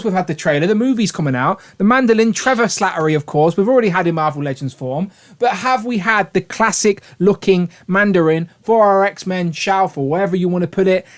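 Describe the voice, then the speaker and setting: A British man hosts a casual live stream, his voice sitting a little high. He rambles along with eager enthusiasm and reads out viewers' names as he goes. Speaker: livestream host.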